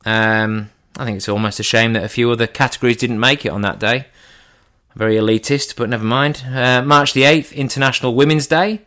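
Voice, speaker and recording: A man giving a comedic monologue in an irreverent, deadpan way, his pitch jumping up for punchlines. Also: brisk.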